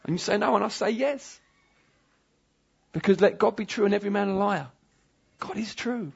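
A male preacher gives an emphatic, pleading sermon at a moderate pace, his voice fairly high, husky, and gravelly. He hammers his points by repeating them, and the recording sounds dull and lo-fi.

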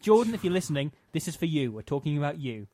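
A man's voice: on the high side, big pitch swings, fast, loud music behind the voice. Man reading a silly story aloud. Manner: narrating with mock drama, giggling. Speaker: podcast co-host. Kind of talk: comedic reading of a fan story.

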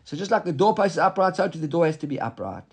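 Fairly high-pitched and sing-song, this man talks very fast with a breathy edge. In his Talmud lesson he reads out Hebrew and Aramaic phrases and explains them in English. Rhetorical questions are frequent, and he keeps checking in with "right?"

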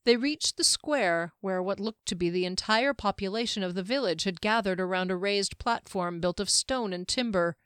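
Smooth-voiced woman narrating a fantasy tale. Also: medium pitch, no echo, studio quality. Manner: steady, even storytelling delivery. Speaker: audiobook narrator.

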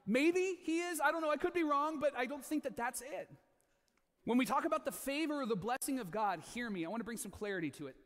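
A man in his thirties preaching a sermon as pastor, animated, acting out quoted voices and repeating key lines. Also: very high-pitched, fast, in a large hall.

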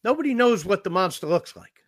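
A man's voice: high voice, big pitch swings, brisk, dry recording. A man in a casual podcast chat about a film, blunt and swearing freely. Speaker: podcast co-host. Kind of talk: casual movie discussion.

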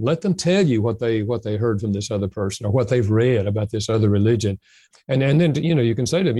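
Mellow-voiced older man giving advice. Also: on the low side, expressive, fast talker, no room sound, studio quality. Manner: gentle, folksy advice-giving. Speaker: guest author. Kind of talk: interview conversation.

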